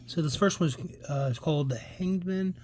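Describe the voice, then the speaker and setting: A man's voice: fairly high pitch, fairly quick, a little mellow, slight background noise. A man hosting a casual comic book read-through, rambling with many fillers and restarts. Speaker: comic book channel host.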